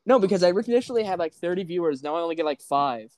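A man's voice: high-pitched, expressive, fast talker, a little mellow, dry recording, studio quality. A man hosting a podcast, chatting casually and jokingly, rambling with lots of filler words. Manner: joking, rambling with many likes. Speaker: podcast host.

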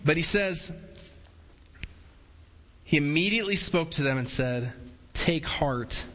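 A man's voice: fairly high pitch, animated, takes it slowly, a bit bright. A man preaching a conversational sermon as pastor, acting out little quoted voices with humor. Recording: long hall reverb.

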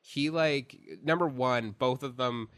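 A man's voice: medium pitch, takes it slowly, a bit bright, clear, resonant tone. A man chatting casually as he reviews a film, rambling with lots of fillers and restarts. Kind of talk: casual chat.

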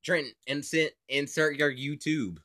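A man's voice: a little high, fairly even intonation, measured pace, bright, forceful tone. A young man hosting a casual, improvised podcast, rambling and joking with lots of giggles. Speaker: podcast host.

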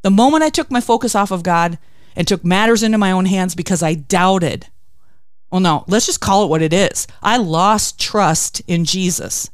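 Female host, devotional chat, animated storyteller, close dry mic. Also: mid-range voice, normal speed, clear, resonant tone, no echo. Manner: expressive storytelling with acted quotes. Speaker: podcast host. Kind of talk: faith devotional talk.

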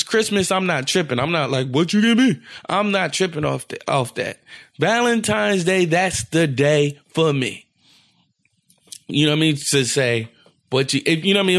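A man's voice: fairly high pitch, creaky. A young man, a podcast co-host, telling a rambling story and acting out the quotes in casual chat. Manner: animated, rambling, acts out quotes.

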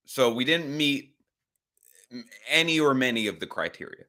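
A man's voice: mid-range voice, expressive, normal speed, sharp tone. A man hosting a podcast livestream, rambling casually with some swearing and reacting to chat comments. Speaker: podcast host.

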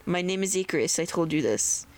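A woman's voice: fairly low pitch, expressive, brisk, natural voice. Woman playing a pushy male cultist. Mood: mock-solemn. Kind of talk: tabletop role-play.

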